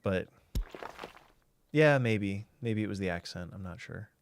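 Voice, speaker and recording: Low-voiced man rambling on a stream. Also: expressive, unhurried, slight background noise. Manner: rambling, thinking aloud, answering chat. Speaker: game streamer. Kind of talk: casual live-stream chat.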